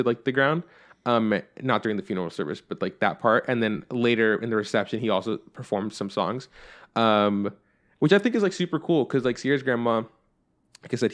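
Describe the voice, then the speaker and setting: A young man co-hosting a podcast, chatting casually in a rambling way with plenty of fillers. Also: medium pitch. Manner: rambling, heavy on fillers like "like" and "you know". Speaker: podcast co-host. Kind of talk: casual chat.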